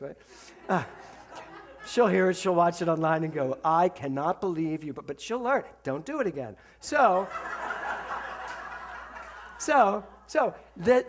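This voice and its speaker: Brief: a minister telling stories in a sermon, animated, funny, with a slightly high voice that swoops up and down. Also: male voice. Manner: animated, humorous storytelling. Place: spiritual center.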